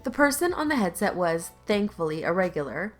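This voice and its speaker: A woman's voice: fairly low pitch, sing-song, brisk, faint music behind. A woman narrating online stories aloud in a conversational, lightly sarcastic reading style, with casual asides. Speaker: YouTube story narrator.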